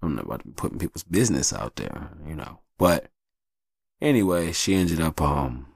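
A man's voice: rumbling low, very animated, normal speed, gravelly, husky, no echo, studio quality. A man hosting a podcast, telling personal stories in a candid, profane, casual way. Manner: candid, profane, acts out voices in his stories. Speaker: podcast host. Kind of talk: casual storytelling monologue.

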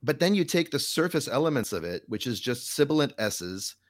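A man's voice: mid-range voice, sing-song, brisk, dry recording, clean studio sound. A man in his forties chatting casually on a podcast, articulate and sardonic as he riffs. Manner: articulate, riffing with sardonic asides. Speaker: podcast guest. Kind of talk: casual chat.

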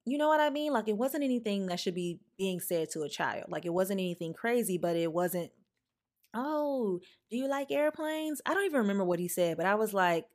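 A young adult woman hosting a podcast, telling a personal story with emphatic, animated delivery. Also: lowish voice, fast, few pauses. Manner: animated, emphatic, acts out quoted lines. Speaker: podcast host.

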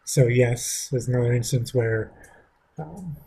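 A man's voice: medium pitch, unhurried, gravelly, warm tone, slightly rough. A man casually telling a story from his school days, rambling with frequent swearing. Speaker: vlogger.

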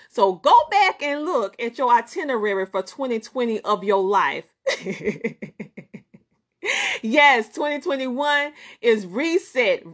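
A woman's voice: fairly high pitch, a bit bright. A middle-aged woman with a Southern American accent, a business coach and host giving a motivational live-stream talk, preachy and emphatic, repeating phrases for effect. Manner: greets viewers by name and laughs easily.

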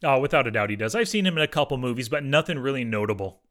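Bright-voiced easygoing man. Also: mid-range voice, expressive, very fast. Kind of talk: casual chat about a movie.

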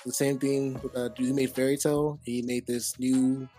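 Man, mid pitch, blunt and profane, casual hangout talk. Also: flat delivery, normal speed, dark tone, faint music behind. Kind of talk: casual chat.

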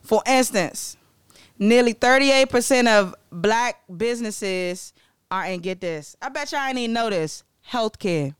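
Excitable young woman with a smooth, dry voice. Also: on the high side, measured pace, dry recording. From Maryland, US. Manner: excitable, joking, digressive, swears freely. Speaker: vlogger presenting facts on Black-owned businesses. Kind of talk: casual educational vlog talk.

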